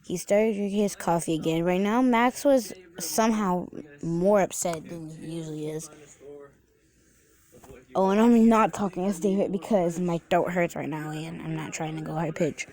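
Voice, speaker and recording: Young woman narrating a fan story: casual, chatty, mellow voice. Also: fairly low pitch, moderate pace. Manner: unpolished and chatty, with asides to the listener.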